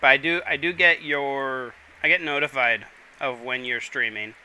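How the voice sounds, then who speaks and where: A man's voice: medium pitch, normal speed, bright, forceful tone, a little hiss or hum, poor audio. A man hosting a casual gaming livestream, chatting and rambling to viewers while he plays. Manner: chatty, rambling, talks to chat while playing. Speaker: livestream host.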